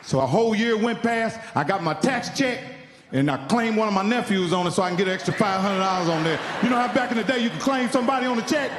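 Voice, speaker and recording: A man from Indiana telling a profane stand-up story on stage, acting out the people in it with animated voices. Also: sits high, quick pace, slight background noise. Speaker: stand-up comedian. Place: comedy stage in a large hall. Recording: live hall reverb, faint crowd ambience.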